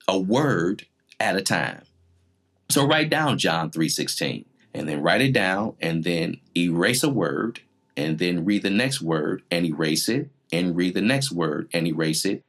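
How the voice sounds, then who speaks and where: A man's voice: low voice, very animated, a little slow, fairly bright tone. A man in his forties preaching a teaching sermon in numbered points, emphatic and repetitive. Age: 40s.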